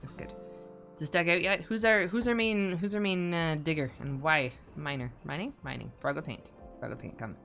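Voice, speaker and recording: A woman's voice: low-pitched, normal speed, gravelly, a bit bright. A woman streaming a colony game live, chatting casually, thinking aloud and repeating herself, over faint music.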